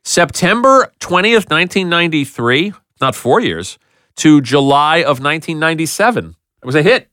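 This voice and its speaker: A man hosting a podcast, chatting casually and reading out TV show titles, names and dates in a quick, animated way. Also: fairly high pitch, smooth, dry recording, clean studio sound. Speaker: podcast host. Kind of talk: casual chat, reading out TV listings.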